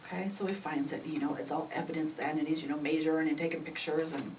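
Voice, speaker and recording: A middle-aged woman recounting a family crisis in an emotional, animated way, acting out the dialogue with sudden jumps in pitch. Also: quick pace. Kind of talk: emotional personal storytelling. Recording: distant mic with faint ambient noise.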